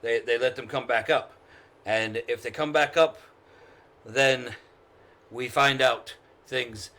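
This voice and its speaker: Give me a man playing a flustered old gambling man, bright and tense, in a tabletop game. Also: mid-range voice, slow pace. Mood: explaining. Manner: flustered, stammering, pleading. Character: desperate old male gambler, defensive.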